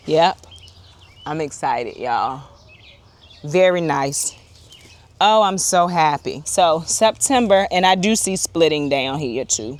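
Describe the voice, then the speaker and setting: A woman talks through an outdoor garden harvest in a casual vlog. Her voice sits a touch low for a woman. She is chatty and excitable, calling out to her viewers as she goes, and she is recorded on a small clip-on mic. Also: slow pace, long pauses. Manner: chatty and excitable, often addresses viewers as y'all. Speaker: urban homesteader, channel host. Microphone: wireless clip-on mic.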